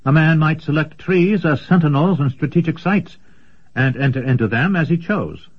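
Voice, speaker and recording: A man reading aloud lifts his voice into an earnest young apprentice sorcerer, eager and a little pleading. The voice is husky, and the audiobook recording is dull and lo-fi. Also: animated, moderate pace. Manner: hesitant, pleading, higher than the narration.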